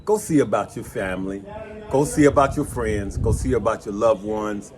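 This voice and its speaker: Animated man telling stories. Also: lowish voice, moderate pace, noisy background. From West Side of Chicago. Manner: animated, folksy, addresses viewers as "good people" and "y'all". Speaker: host. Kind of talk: casual chat and storytelling.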